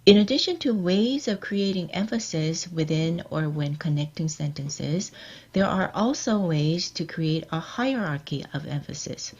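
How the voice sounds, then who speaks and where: A woman giving a scripted workshop lecture on editing, measured and explanatory, quizzing her audience. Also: sits low, animated, a little mellow, breathy edge, lo-fi sound.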